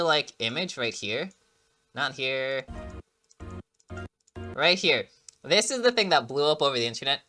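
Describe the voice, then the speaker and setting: With a medium-pitched voice, a man who seems to have just woken up rambles excitedly while reacting to a game trailer, packing his casual talk with fillers and restarts.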